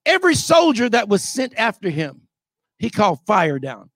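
Fiery male preacher, high voice, shouting, dry close sound. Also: huge pitch swings, normal speed, dry recording. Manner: emphatic, often shouting, rhetorical calls to the crowd. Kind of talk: sermon.

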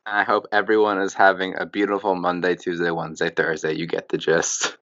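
A man's voice: deep voice, little pitch movement, a little fast, fairly bright tone, lo-fi sound. A man with a Wisconsin accent, co-hosting a podcast in casual, rambling chat. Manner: chatty, rambling, restarts sentences. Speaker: podcast co-host.

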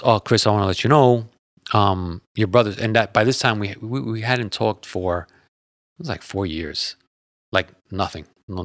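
A man with a fairly low voice tells a personal story in an easygoing, earnest way. He rambles, repeating words and restarting sentences as he goes. The sound is dry and close, with no room echo. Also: a bit bright. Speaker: guest sharing a personal story. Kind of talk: casual storytelling.

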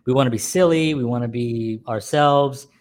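A man's voice: mid-range voice, normal speed, darkish tone. A middle-aged man hosting a casual talk show from home, rambling with many fillers and restarts. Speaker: podcast host. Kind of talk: casual chat.

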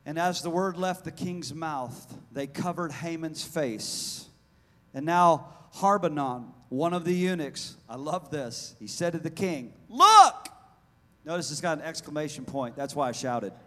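A man preaching a fiery sermon in a church, swinging between hushed lines and loud shouting. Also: on the high side, unhurried, big-room sound. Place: church hall.

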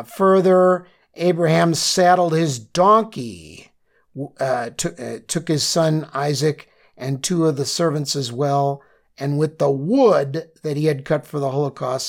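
A slow-speaking man leads a Bible study lesson with a gravelly, creaky voice. He tells listeners what to underline and circle, often checking in with "okay?". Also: a little high.

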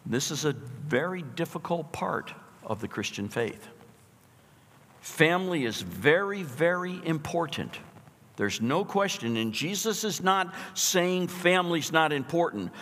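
A middle-aged male pastor preaching a sermon, telling a story in an emphatic, animated way. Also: on the high side, measured pace, long reverb tail.

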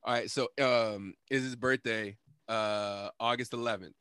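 A man's voice: on the low side, steady tone, unhurried, pushed and bright, clear, resonant tone, dry recording. A young man hosting a podcast, telling a story in a casual, rambling, profane way and laughing often. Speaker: podcast host.

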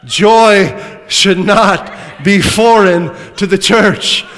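A man with a notably high voice preaches slowly and deliberately, letting each phrase land. He swings from loud, emphatic declarations to hushed asides and slips in joking remarks. His voice carries the long reverb of a big church hall. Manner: humorous asides with laughter. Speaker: pastor. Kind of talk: sermon.

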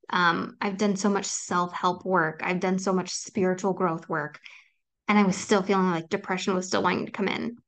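With a mid-range, fairly bright voice, this podcast host talks on her own to listeners in an earnest, comforting way. She says "um" often throughout the personal solo episode.

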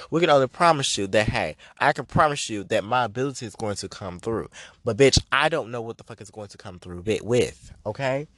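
A man's voice: medium pitch, fairly bright tone, dry recording, clean studio sound. A man hosting a podcast as a spiritual reader, delivering a blunt, profane, emphatic rant. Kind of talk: ranting podcast monologue.

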